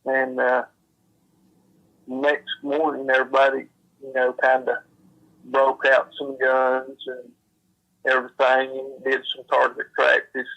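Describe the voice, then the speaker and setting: A man speaks slowly in a gravelly, bright-edged voice that barely rises or falls. He tells it plainly, filling pauses with "uh" and "you know". The sound is thin and lo-fi. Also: mid-range voice, monotone. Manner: slow, plain folksy telling with fillers. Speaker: storyteller. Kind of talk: recounting a secondhand encounter.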